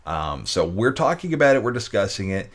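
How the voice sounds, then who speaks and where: A man's voice: lowish voice, very animated, brisk. A man hosting his own live-stream talk show, chatting casually with viewers, full of restarts and jokey asides.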